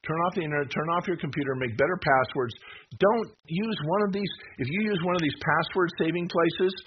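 A man's voice: a little high, fast talker. A middle-aged man giving a rambling slide presentation, emphatic, with self-deprecating jokes and many restarts. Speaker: presenter of a talk. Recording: muffled with steady background noise.

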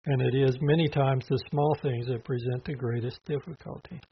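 A man's voice: medium pitch, steady tone, moderate pace, vocal fry, slight background noise. A man teaching through a Bible passage verse by verse, talking conversationally with asides and fillers. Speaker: preacher. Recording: dull lo-fi recording.

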